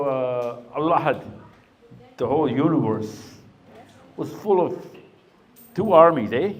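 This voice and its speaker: A middle-aged man with a somewhat raised pitch gives a live talk to youngsters. He quizzes them and urges them to take their time, then launches into a dramatic story. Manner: questioning, coaxing and storytelling. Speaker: speaker.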